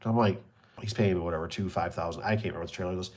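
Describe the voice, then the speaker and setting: A low, darkish male voice with fairly even intonation races along very fast. He's a small business owner on a live stream, casually telling wandering stories about his work, repeating points and impersonating people he mentions.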